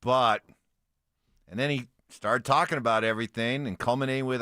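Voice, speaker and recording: A man hosting morning sports talk radio, chatting in an animated, conversational way. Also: medium pitch, moderate pace, dry recording, clean studio sound. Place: radio studio.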